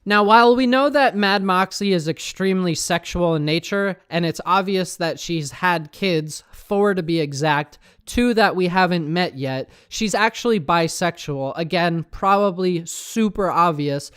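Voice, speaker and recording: A man's voice: high-pitched, measured pace, few pauses, fairly bright tone, smooth. A man narrating video game lore in a casual tone, dropping wry asides.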